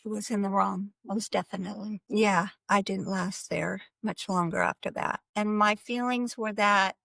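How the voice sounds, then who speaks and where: A woman giving a personal faith testimony as a guest, talking in an earnest, halting way with restarts and light laughs. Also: medium pitch, steady tone, vocal fry, a bit bright, no room sound, rough recording. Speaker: guest sharing her life story.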